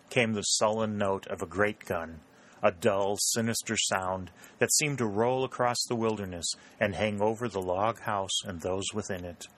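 A man narrates a historical novel in a low voice, reading at a measured and even pace. His storytelling is steady and scripted, in the manner of an audiobook.

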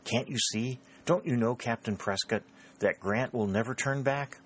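A man's voice: medium pitch, normal speed, husky, pitched above the performer's own voice, natural voice. A man reading a proud, self-reliant young woman in an audiobook, in an earnest and spirited manner. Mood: urgent.

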